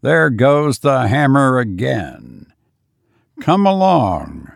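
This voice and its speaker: A menacing ironworks master, read by a man in a slow, gravelly voice, pointing out his furnaces with a gloating, wide-ranging lilt. He dwells on every word, his tone dropping low and grim as he talks on. A dry, close recording. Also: big pitch swings, dry recording, full character voice. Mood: grimly eager. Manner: loquacious, showing off with grim relish.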